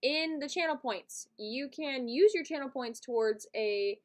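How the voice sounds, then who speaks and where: With a high voice and a measured pace, this woman runs a live stream from her home setup. She giggles and chats easily, addressing her viewers directly.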